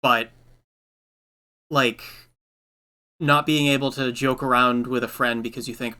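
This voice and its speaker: A man's voice: mid-range voice, fairly even intonation, a little slow, long pauses, pushed and bright, clean tone. A young man hosting a casual podcast chat, giving earnest advice with lots of filler words. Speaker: podcast host.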